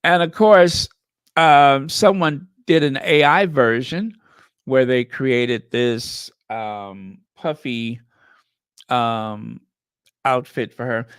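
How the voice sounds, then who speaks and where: Reading headlines and viewer comments aloud, this male host of a sarcastic gossip show draws out his words with sardonic emphasis. His mid-range voice is clear, resonant, and a bit bright, with drawn-out words. It's studio-quality audio with no room sound.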